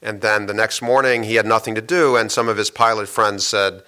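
Brief: low, bright-edged male guest voice; measured, hesitant storyteller in a long interview. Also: steady tone. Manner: measured storytelling with frequent "uh" and restarts. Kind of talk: long explanatory interview answers.

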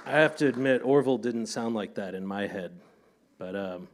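A male host with a lowish voice runs a relaxed interview. He keeps it loose and jokey, laughing often and swearing casually. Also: normal speed, a faint crowd, a little hiss or hum. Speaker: podcast host.

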